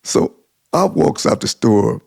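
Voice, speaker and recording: A man's voice: takes it slowly, dark tone, no room sound, studio quality. A man vlogger telling a personal story to the camera, chuckling through his words and repeating himself for emphasis.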